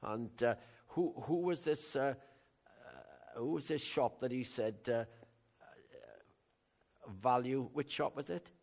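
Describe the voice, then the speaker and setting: An older man preaching a sermon in a conversational way, bantering with the congregation, with big swings in loudness. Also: medium pitch, very animated, slow pace, creaky. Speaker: pastor.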